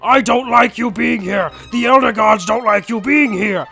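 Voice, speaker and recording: A man voicing an angry, hostile male ninja warrior who yells insults. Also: extremely high pitch, moderate pace, gravelly, faint music behind, exaggerated voice. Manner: yelling insults.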